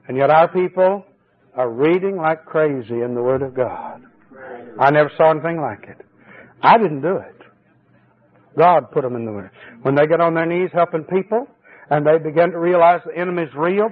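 A man preaching a fervent sermon at a church service, his voice swinging between high exclamations and low, confiding asides. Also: normal speed, breathy edge. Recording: tinny old cassette tape recording.

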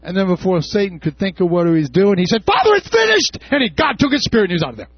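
A male preacher with a high, husky voice that swings widely in pitch, preaching with passion and breaking into shouts. The sound is dry and slightly dull. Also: big pitch swings, racing, dry recording. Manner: impassioned, with shouted peaks and casual asides. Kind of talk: sermon.

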